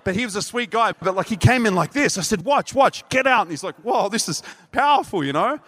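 A man preaching a sermon, telling a story in a lively way, acting out what people said and laughing at himself. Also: sits high, quick pace. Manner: animated, acts out quotes, laughs at himself. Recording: long hall reverb.

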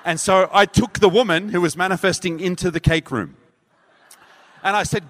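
A man preaching a sermon, telling a story with animated delivery and acting out voices. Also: high voice, moderate pace. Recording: reverberant hall.

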